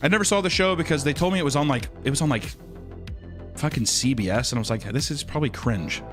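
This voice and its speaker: A man's voice: on the high side, animated, fast talker, soft background music. A man chatting casually on a live stream while drawing, rambling and joking with crude humor.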